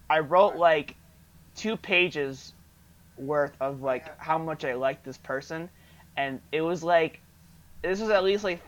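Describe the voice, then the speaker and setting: A young man co-hosting a podcast, telling a story in casual chat and acting out the dialogue. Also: a little high. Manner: animated storyteller, acts out dialogue. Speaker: podcast co-host. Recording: dull lo-fi podcast audio.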